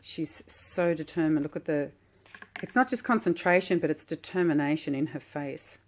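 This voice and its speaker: A woman calmly unboxing a tarot deck while sitting on her floor, gushing and admiring each card at an unhurried pace. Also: low voice. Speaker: tarot vlogger. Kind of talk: relaxed unboxing commentary.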